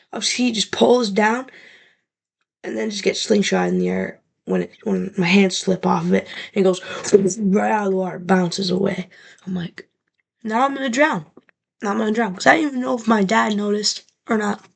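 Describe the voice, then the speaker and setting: A woman's voice: mid-range voice, creaky, husky. A young woman vlogger telling a rambling, profane story straight to her camera, full of fillers.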